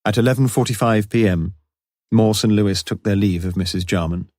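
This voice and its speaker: A man narrating a crime audiobook in a measured, even reading. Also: lowish voice, no room sound. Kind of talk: scripted narration.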